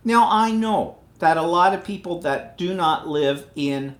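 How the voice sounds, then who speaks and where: A Canadian man hosting a livestream delivers a casual, indignant opinion monologue that rambles and is packed with fillers. His fairly high, fairly bright voice is animated yet unhurried, and the room adds a noticeable echo.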